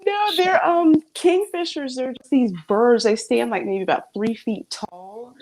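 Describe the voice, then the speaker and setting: A woman's voice: fairly high pitch, a little slow, noisy background. A woman hosting a casual livestream chat, informal and laughing often. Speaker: livestream host.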